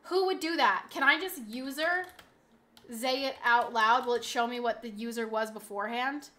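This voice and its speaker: A woman live streamer chatting casually, exasperated and rambling, often bursting into loud yelling. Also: on the high side, normal speed.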